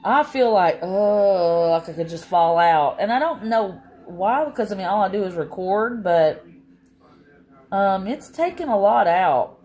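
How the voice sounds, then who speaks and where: A tired woman rambles through a casual live-stream chat from her home. Her talk is drawn-out and unhurried, full of fillers, and she sounds worn out after a long day. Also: medium pitch, expressive, darkish tone.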